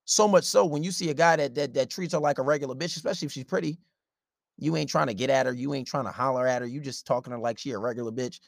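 A man's voice: medium pitch, fast talker, creaky, no echo, clean studio sound. A man delivering a blunt, profane advice rant in a confrontational way. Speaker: relationship advice commentator. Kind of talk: ranting advice monologue.

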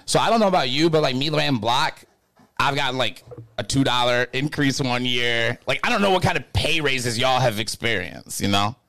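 A young man chatting on a podcast, swinging into quick, animated bursts as he tells a story. His voice sits in a middle pitch, recorded dry and close with no room sound. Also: no room sound. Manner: animated storyteller, fast bursts, filler-heavy. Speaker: podcast co-host. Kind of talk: casual chat.

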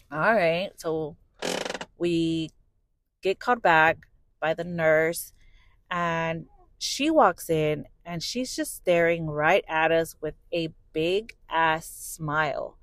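A woman's voice: sits low, takes it slowly, a bit bright, a little hiss or hum, rough recording. A young adult woman hosting a podcast, candidly telling a personal story, swearing freely and acting out what people said. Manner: candid, swears freely, acts out quoted dialogue. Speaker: podcast host.

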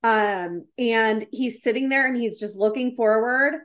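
Woman, casual chat, animated storyteller, slightly high pitch. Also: unhurried. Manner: animated storytelling with many "like" fillers.

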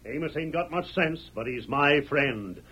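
An actor playing a gruff, stubborn frontier wagon master in an old radio western, with a folksy drawl. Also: male voice, a little high, lively intonation, unhurried, sharp tone, heavily acted. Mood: determined. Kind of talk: 1930s radio drama acting. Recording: dull old radio recording.

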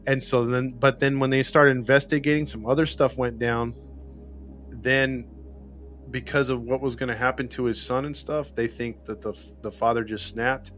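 Guy telling a story on a podcast, lots of "like", lively, little music in back. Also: mid-range voice, a little slow. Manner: animated storyteller, lots of fillers. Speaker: podcast co-host. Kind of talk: casual chat.

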